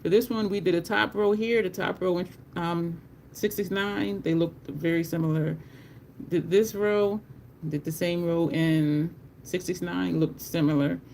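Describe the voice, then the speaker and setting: A chatty beauty live-streamer talks casually to viewers while swatching makeup and laughs often. The voice has a rough, gravelly edge, and a faint hiss sits under the recording. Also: medium pitch, steady tone, unhurried, darkish tone.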